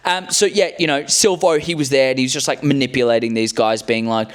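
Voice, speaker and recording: A man's voice: mid-range voice, brisk, hardly any pauses. A man hosting a casual recap video, chatty and rambling, with blunt, cheeky asides and lots of restarts. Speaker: show recap host.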